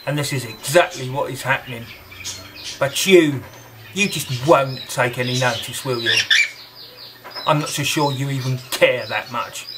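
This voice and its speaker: A man delivering an angry, confrontational monologue straight to the listener, scornful and deliberate. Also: medium pitch, very noisy.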